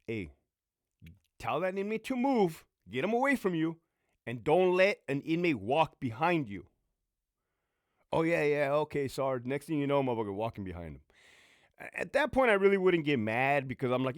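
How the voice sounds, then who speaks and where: A man's voice: medium pitch, no room sound, studio quality. A middle-aged man, a former prison sergeant and military veteran, giving blunt, profane advice in a storytelling monologue. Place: home.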